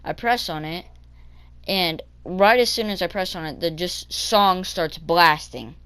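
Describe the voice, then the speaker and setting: A teenage boy telling a story for his vlog in a halting way, with many ums and restarts. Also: high-pitched, bright, forceful tone, smooth. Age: teens. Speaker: vlogger.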